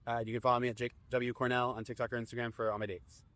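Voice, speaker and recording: A man from Rhode Island with a New England accent, talking as a comedian guest on a podcast. His speech is quick and bright, full of playful griping, recorded dry and close. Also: medium pitch, little pitch movement, no room sound. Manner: quick, chatty, complaining banter.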